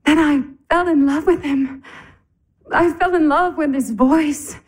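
An actress playing a passionate, blunt sister who speaks in an urgent, confessional way. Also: female voice, high voice, unhurried. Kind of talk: stage drama acting.

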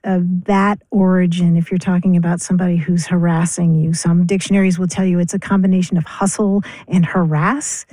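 A woman's voice: fairly low pitch, flat delivery, brisk, hardly any pauses, warm tone, no echo. Playful older woman co-hosting radio. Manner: playful, explains word origins with easy laughter. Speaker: radio show co-host. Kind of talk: casual radio chat about language. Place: radio studio. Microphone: studio microphone.

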